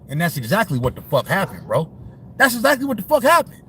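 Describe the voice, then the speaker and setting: A man's voice: high voice, huge pitch swings, quick pace, fairly bright tone, slightly rough. A man delivering a heated, profane sports rant, full of slang, repeats and restarts. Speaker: sports commentary vlogger.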